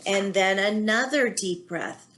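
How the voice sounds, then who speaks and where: A woman teacher reads a children's picture book aloud at a steady middle pitch. She stops often to talk young listeners through the story's feelings in a soft, reassuring way. Her tone is patient and kind throughout. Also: slow. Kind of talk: children's read-aloud with commentary.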